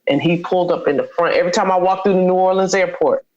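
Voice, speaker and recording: A woman's voice: fairly low pitch, fairly even intonation, fast talker, darkish tone, lo-fi sound. Heartfelt woman telling a personal story. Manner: heartfelt, acts out quoted dialogue. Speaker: guest.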